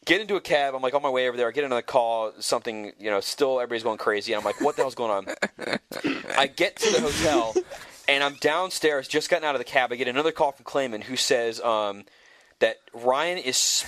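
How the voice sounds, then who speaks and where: A young man, a podcast host, telling a story in casual chat and getting animated as it goes. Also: medium pitch, quick pace, a little hiss or hum. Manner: animated, rising to shouts when retelling.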